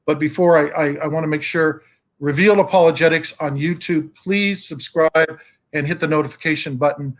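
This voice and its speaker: A man speaks over a video call in an encouraging, friendly way. His voice sits a little high, and he often repeats words as he goes. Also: fairly even intonation, brisk. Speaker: interviewer. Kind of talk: casual livestream interview.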